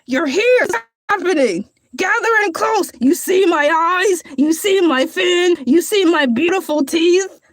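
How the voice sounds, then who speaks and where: Speaking as the host of a character livestream show, a woman plays a bragging male shark with his own program. Her voice is very high and animated, her pace slightly slow, and the recording has no echo. His talk is grandiose, meandering, and self-congratulatory.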